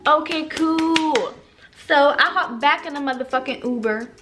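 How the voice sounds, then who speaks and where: A young woman telling stories in a casual, animated way, swearing a lot and acting out what people said. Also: high-pitched, brisk, heavy background noise. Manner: animated, profane, acts out quoted lines. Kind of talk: casual storytime monologue.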